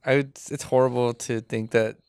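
A man's voice: medium pitch, little pitch movement, normal speed, darkish tone, clean tone, no room sound, clean studio sound. Chatty man hosting a casual talk. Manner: laughing, leads topics, repeats himself. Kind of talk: casual chat.

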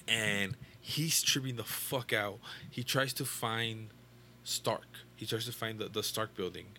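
A man's voice: on the low side, fairly even intonation, a little slow, bright, forceful tone, slight background noise. A young man casually retelling a comic book story to a friend, rambling and swearing, full of fillers and restarts. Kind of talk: casual chat.

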